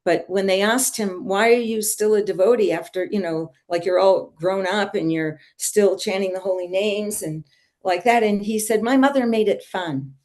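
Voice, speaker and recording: An older woman shares a long personal story with a reading group. She speaks earnestly, in a voice of middle pitch. She grows animated as the story builds. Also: normal speed. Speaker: devotee sharing testimony.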